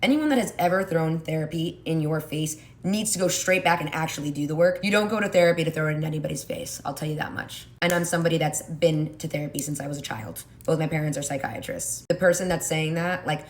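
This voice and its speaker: A woman's voice: low-pitched, fast, slight background noise. A woman giving an opinionated monologue on relationships, emphatic and sardonic, acting out quoted arguments. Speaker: commentator on relationships.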